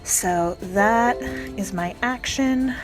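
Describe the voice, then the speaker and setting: Slow, deliberate woman player. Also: mid-range voice, over music. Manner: slow, deliberate, talks through her turn step by step. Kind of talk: playing a tabletop game online.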